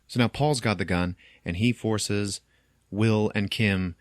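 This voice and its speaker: A man's voice: lowish voice, takes it slowly, no room sound, clean studio sound. A man hosting a podcast, casually retelling a movie's plot, acting out the characters' lines and laughing often. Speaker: podcast host. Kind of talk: casual film recap.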